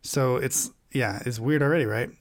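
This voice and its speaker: Man, casual movie chat, rambling and halting delivery, swears a lot. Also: mid-range voice.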